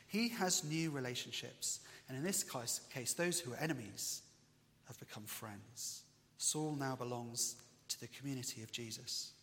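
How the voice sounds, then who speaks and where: A man preaching a sermon in a lively storytelling way, with bits of humour. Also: mid-range voice, long reverb tail.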